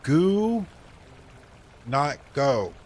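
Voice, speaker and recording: A man casually chatting while streaming a game, joking and self-deprecating, thinking out loud. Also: fairly high pitch, very animated, extremely slow. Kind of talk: casual live-stream chat.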